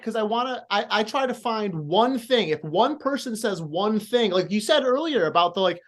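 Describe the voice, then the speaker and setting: A man's voice: high-pitched, lively intonation, normal speed, few pauses, fairly bright tone. A man who wrestles, asking for advice in a rambling way, full of "like" and false starts. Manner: rambling, many fillers and restarts, eager and apologetic. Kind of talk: casual interview questions.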